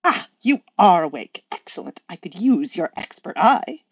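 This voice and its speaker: A woman voicing a fussy, cheerful male angel who talks in a prim, old-fashioned, excited way. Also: on the low side, moderate pace, husky, no echo, highs cut off. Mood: eager.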